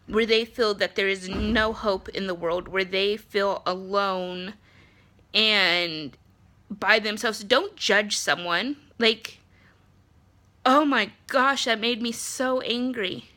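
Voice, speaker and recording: A woman's voice: medium pitch, slow pace, sharp tone. A woman in her thirties, congested and a bit nasal, venting in a blunt, frustrated monologue full of ums and swearing. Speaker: vlogger, spouse of an ill partner.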